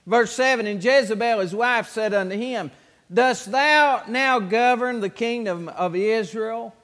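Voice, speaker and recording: A man's voice: sits high, measured pace, a bit bright, in a large hall. A man preaching a sermon as pastor, reading scripture aloud in a raised, emphatic voice.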